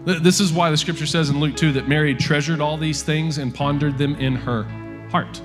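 A male pastor, preaching a sermon in a lively, conversational way with frequent asides to the congregation. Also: a little high, moderate pace. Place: church auditorium. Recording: long hall reverb with faint music.

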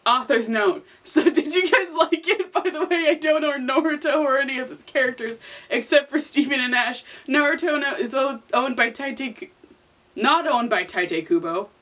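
A woman's voice: high voice, normal speed, fairly bright tone. A young woman reading her old fanfiction aloud in a casual comedic way, laughing, swearing and mocking herself.

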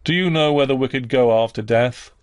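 A man voicing a stern older clergyman with a solemn, harsh manner, asking grave questions slowly. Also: mid-range voice, no room sound, lightly acted.

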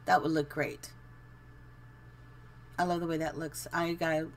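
A woman's voice: deep voice, little pitch movement, measured pace, a little hiss or hum. A middle-aged woman casually commenting on her live-streamed building game, chatty and giggly, thinking aloud as she goes.

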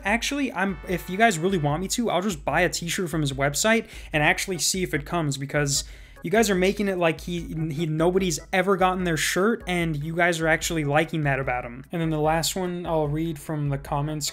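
A man's voice: fairly high pitch, fairly bright tone. A man reacting to viewer comments in casual commentary, speaking properly with careful enunciation and sarcastic rebuttals. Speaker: YouTube commentator reading comments.

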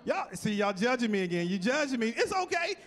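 High, lively male stand-up comic in a hall. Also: fairly quick. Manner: animated, punchy delivery with rising exclamations. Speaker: stand-up comedian. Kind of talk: stand-up comedy set. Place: large theater stage. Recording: live hall with long reverb.

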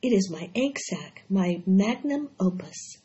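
A woman voicing a tired, gentle and wise female spider with a weak, quiet voice. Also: medium pitch, expressive, slow. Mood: calm. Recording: dull lo-fi recording.

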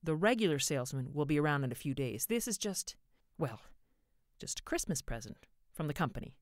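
A woman's voice: deep voice, big pitch swings, brisk, no room sound, studio quality. A woman voicing an anxious, shaken young man who talks in a breathless, hesitant way. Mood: polite.

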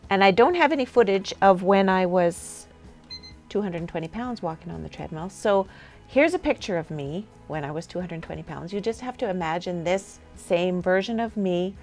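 A woman's voice: lowish voice, lively intonation, normal speed, soft background music. A woman life coach giving an enthusiastic motivational lesson while walking on a treadmill.

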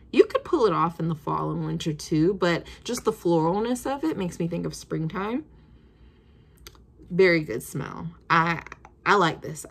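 A woman's voice: on the low side, breathy edge. A woman in her twenties chatting casually as she reviews perfumes, thinking aloud with plenty of fillers. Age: 20s.

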